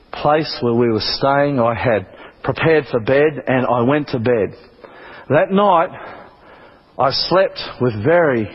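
An Australian preacher with a slightly rough, mid-range voice shares a sermon testimony, earnest and dramatic, repeating phrases as he goes. The recording is dull and lo-fi.

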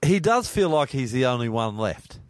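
A man leads a Bible study on the radio, earnest and often swelling into emphatic preaching. His voice sits at an ordinary pitch. The studio sound is close and dry. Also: sing-song, moderate pace, no room sound. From Australia. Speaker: radio host.

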